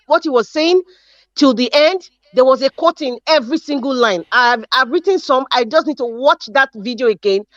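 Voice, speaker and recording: Emphatic Nigerian woman, high voice. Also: fairly bright tone, no room sound, lo-fi sound. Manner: emphatic, repeats herself, frequent restarts and fillers. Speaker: live stream panelist. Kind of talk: impassioned political commentary. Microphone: video call.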